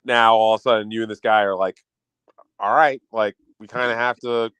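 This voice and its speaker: A man's voice: fairly low pitch, steady tone, brisk, a bit bright, clean tone, no echo. Rambling, swearing male podcast co-host. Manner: rambling storyteller, swears freely, acts out quotes. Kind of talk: casual chat.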